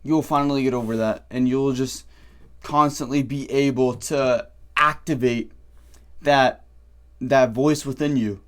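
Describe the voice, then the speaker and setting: A young man vlogging from his bedroom with brash, profane advice, calling the listener "bro" and swinging between mumbling and yelling. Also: a little high. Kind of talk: ranting motivational vlog.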